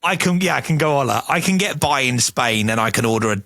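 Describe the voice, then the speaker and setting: A man's voice: mid-range voice, lively intonation, fast talker, vocal fry, bright, forceful tone, dry recording. A man who works as a radio presenter, chatting in a friendly, self-deprecating way on a podcast. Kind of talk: casual chat.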